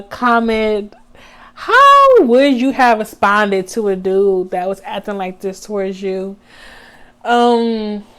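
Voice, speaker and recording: A woman in her twenties telling a storytime vlog in an animated, emphatic, slangy way. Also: medium pitch, smooth. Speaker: vlogger.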